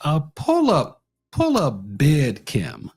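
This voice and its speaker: A man co-hosting a laid-back podcast. His voice swings widely in pitch as he tells stories. He has a teasing, folksy way of talking. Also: slow, slightly rough. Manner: animated storytelling, folksy and teasing. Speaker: podcast co-host. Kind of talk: casual chat.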